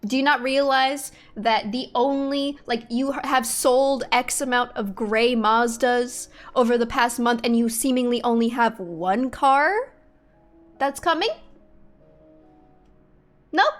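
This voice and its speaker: A woman's voice: a little high, slow, soft background music. A young woman streamer chatting casually to her viewers, venting with exasperation, swearing freely and laughing in disbelief.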